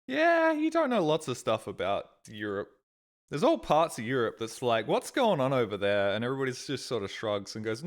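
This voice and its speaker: A low-pitched man talks casually to his stream chat from home. He rambles, swears freely and pokes fun at himself, speaking into a desk mic. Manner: rambling, sweary, self-deprecating.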